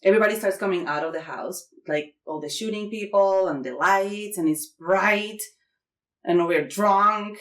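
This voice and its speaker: A woman's voice: medium pitch, moderate pace. Mexican-accented woman telling a funny story. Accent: Mexican Spanish. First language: Spanish. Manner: animated, acts out quotes with squeals and laughter. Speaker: podcast guest. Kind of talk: comedic storytelling. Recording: roomy echo.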